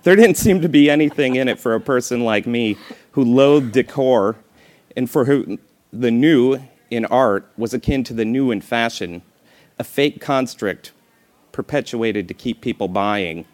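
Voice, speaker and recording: A man's voice: medium pitch, a little slow, a little mellow. A man reading a memoir aloud in a dry, wry manner, breaking off now and then for playful off-the-cuff remarks.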